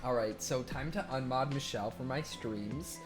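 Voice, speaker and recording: A man's voice: medium pitch, normal speed. A young man streaming live, reading viewer messages aloud and chatting casually, laughing often and swearing freely. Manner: laughs often, loose and swearing, voice swings from loud to mumbled. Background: faint music.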